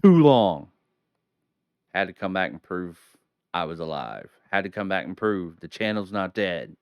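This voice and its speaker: A man's voice: low-pitched, normal speed, a bit bright, smooth, no room sound. A young man hosting a horror movie review from home, hamming it up as a spooky showman between rambling, casual asides. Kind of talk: theatrical solo video review. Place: home at night.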